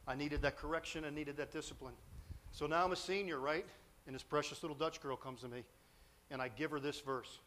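A man's voice: a little high, steady tone, brisk, a bit bright, slight background noise. A man preaching a storytelling sermon, confessional and emotional, with self-deprecating humor.

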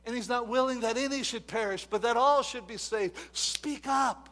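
In a sermon at normal speed, a high-voiced male preacher with a bright tone moves from soft asides to loud, emphatic urging. He often repeats himself and starts his words over.

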